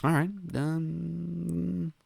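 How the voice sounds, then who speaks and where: A man hosting a let's play, reading the game's text aloud and answering it with jokes and quick laughs. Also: a little high, creaky, breathy edge, no echo, clean studio sound. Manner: animated, joking, quick laughs.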